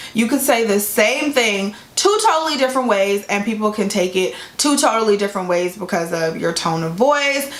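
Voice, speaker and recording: A woman earnestly explaining relationship tips in a casual advice vlog. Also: mid-range voice. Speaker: vlogger giving relationship advice. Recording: echoey room.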